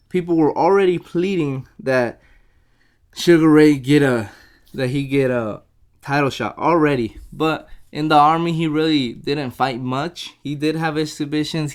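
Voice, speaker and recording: A young man talks through a book he has read in a loose, rambling way, often restarting his sentences. His voice sits at an ordinary middle pitch, and he acts out the quoted people as he goes. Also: smooth. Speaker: book reviewer. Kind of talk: casual book review retelling.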